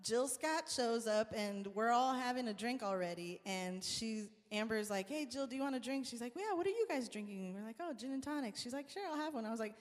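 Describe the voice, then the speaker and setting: A woman host and singer telling stories in a casual chat on a live stream, animated and laughing often as she acts out quotes. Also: a little high, fairly quick, few pauses, big-room sound.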